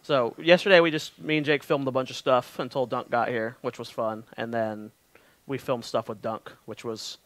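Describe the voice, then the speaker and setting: A man co-hosting a casual podcast chat, animated and teasing. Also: mid-range voice, moderate pace, dry recording. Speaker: podcast co-host.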